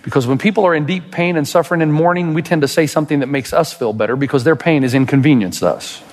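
A man preaching to a congregation with a fairly high voice that rings out through a big church hall with a long tail of reverb. He delivers his sermon dramatically, climbing to loud, high outbursts and then sinking into slow, hushed stretches. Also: background noise. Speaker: pastor.

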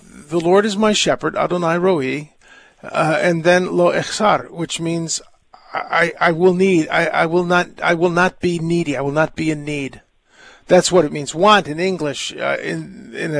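A man's voice: fairly high pitch, gravelly, fairly bright tone, no echo. An older man, a priest, hosting a call-in radio show, chatting in a rambling way with frequent laughs and stumbling restarts. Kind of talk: casual call-in radio talk.

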